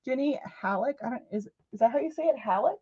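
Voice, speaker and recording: A woman hosting a casual craft live stream, telling stories in an animated way and chatting back to viewer messages. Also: on the high side, husky. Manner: animated storytelling, quick asides to chat messages. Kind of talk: casual chat. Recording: muffled lo-fi audio.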